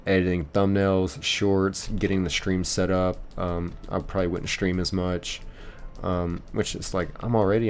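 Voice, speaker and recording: Low-voiced rambling streamer man. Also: darkish tone. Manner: rambling, reads and answers chat. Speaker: live streamer. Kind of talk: casual chat while gaming.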